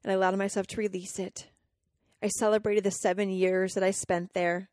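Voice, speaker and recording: A woman's voice: mid-range voice, flat delivery, brisk, a little mellow, no room sound, studio quality. A woman hosting a podcast, telling a personal story earnestly and emotionally, acting out her own inner dialogue. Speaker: podcast host and coach.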